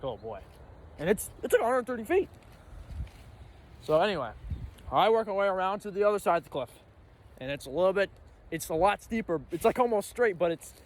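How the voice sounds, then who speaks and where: A young man telling a casual storytime vlog, animated and acting out his own panicked reactions. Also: on the high side. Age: young adult. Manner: animated, acts out his own reactions with sudden loud bursts. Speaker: storyteller vlogger.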